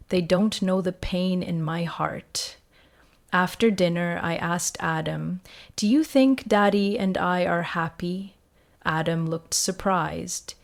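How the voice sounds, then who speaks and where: Slow, gravelly woman narrating a story. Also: lowish voice. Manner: simple short sentences, calm and even.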